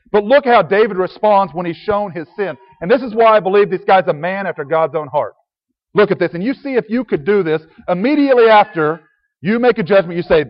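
A man's voice: sits high, quick pace. A man preaching a sermon earnestly, reading scripture aloud in old-fashioned biblical wording. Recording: dull sound with long reverb.

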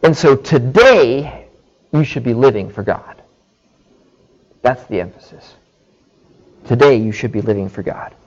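A man preaching a sermon, explaining scripture slowly and deliberately and checking in with his listeners. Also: mid-range voice, animated, a little mellow, highs cut off. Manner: slow, deliberate teaching with frequent "okay" check-ins.

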